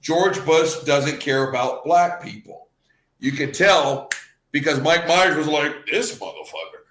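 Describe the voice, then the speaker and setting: A Cajun man in his fifties rants in a loose, profane chat, often stammering over repeated words. His voice sits a bit high and sounds bright and forceful. The room around him is echoey. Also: slow pace, slight background noise. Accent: Louisiana Cajun. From Louisiana. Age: 50s. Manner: profane, heated, repeats words, swings between laughing and shouting. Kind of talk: casual chat, ranting commentary.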